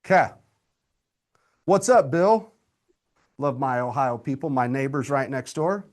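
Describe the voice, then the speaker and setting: A man, coaching real estate agents in a live webinar, energetic and direct with his audience. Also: mid-range voice, unhurried. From Indiana, USA.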